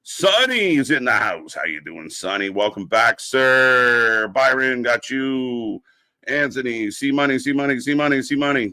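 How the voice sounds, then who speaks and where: A man's voice: mid-range voice, pushed and bright, dry recording. A young man hosting a live wrestling stream, casually greeting chatters by name in an upbeat way. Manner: rattles off chat names and greetings, upbeat. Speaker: host of a live wrestling watch-along stream.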